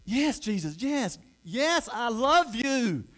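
A man's voice: high voice, lively intonation, normal speed, faint music behind. A preacher voicing an impulsive, earnest fisherman disciple who stammers and pleads as he tells the story. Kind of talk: sermon retelling.

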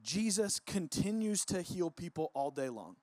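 High-voiced man preaching casually. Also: a little slow, no room sound. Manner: relaxed, peppered with filler words. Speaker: pastor. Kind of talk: casual conversational sermon. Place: church service.

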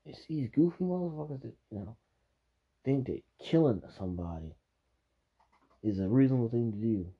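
A man's voice: mid-range voice, lively intonation, moderate pace, pauses often, husky. A man angrily reacting to news clips, swearing and ranting in a dull lo-fi recording. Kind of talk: profane reaction commentary.

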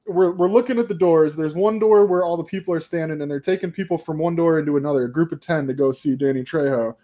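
A man's voice: on the high side, fast talker, warm tone, dull audio. A man co-hosting a podcast, telling loose anecdotes in casual chat with plenty of swearing. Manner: loose, profane storyteller. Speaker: podcast co-host.

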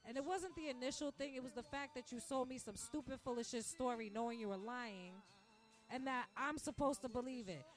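A woman in her thirties hosting a podcast, giving a blunt, profane, animated rant from the restaurant where she works. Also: high-pitched, a little fast. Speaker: podcast host. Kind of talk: casual ranting monologue. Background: faint background music.

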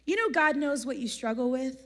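Young woman preacher, high bright voice, chatty slangy youth-conference talk. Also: animated, brisk. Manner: chatty and slangy, laughs often. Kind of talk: casual energetic sermon. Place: church conference hall, live audience.

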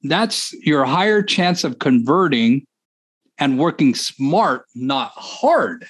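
An energetic male host with a fairly high voice, chatting casually on a podcast. He talks in a lively, friendly way, laughs often and coaches his listeners on real estate. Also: slow, slightly rough. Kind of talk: casual chat.

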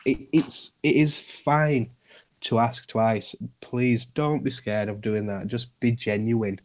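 A man's voice: mid-range voice, steady tone, takes it slowly. A man, a podcast guest speaking earnestly and reassuringly about looking after each other. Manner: earnest, reassuring, repeats himself. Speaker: guest, community group founder. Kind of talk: podcast interview.

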